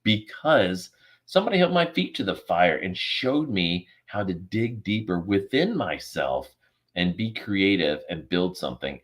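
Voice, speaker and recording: A man's voice: low voice, fairly bright tone. A man guest on a podcast over a video call, telling an earnest, emotional story and acting out the dialogue. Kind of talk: storytelling in a remote interview.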